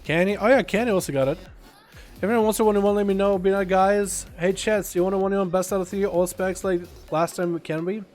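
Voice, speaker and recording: A young man hosting a casual gaming livestream, sick, talking in an excitable, rambling way and laughing often. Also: high voice, fast, soft background music. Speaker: livestream host. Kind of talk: casual gaming stream chat.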